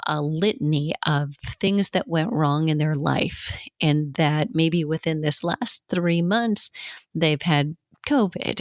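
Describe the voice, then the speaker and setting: A woman's voice: low voice, no echo, clean studio sound. A middle-aged woman teaching a health coaching lesson, acting out quotes from clients and coaches and laughing often.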